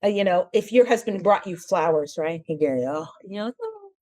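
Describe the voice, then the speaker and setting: A woman hosting a talk show, giving casual marriage advice in an animated way, laughing often and acting out quoted voices. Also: on the low side, moderate pace. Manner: frequent restarts and fillers.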